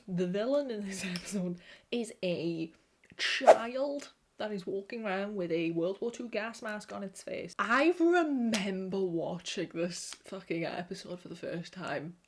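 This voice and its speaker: Welsh girl ranting on her vlog, lively, lots of swearing and laughing, medium pitch. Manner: animated, swears, laughs a lot. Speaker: vlogger. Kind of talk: casual chat to camera.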